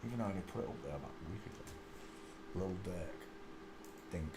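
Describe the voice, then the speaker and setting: A man's voice: low-pitched, expressive, a little fast, background noise. A man, rambling crudely through a casual live stream and mocking himself. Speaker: host. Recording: echoey room.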